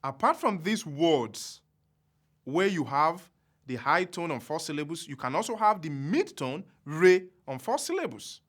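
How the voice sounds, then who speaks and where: A man teaching a language lesson slowly and deliberately, with careful pauses, and chanting drill syllables in a high, drawn-out voice. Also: sing-song, a bit bright.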